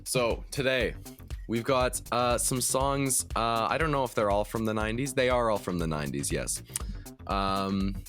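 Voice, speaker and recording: Low voiced co-host guy, dry jokes, lots of ums, faint music behind. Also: moderate pace, fairly bright tone. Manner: dry, joking, hesitant with many ums. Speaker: radio show co-host. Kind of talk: casual radio chat.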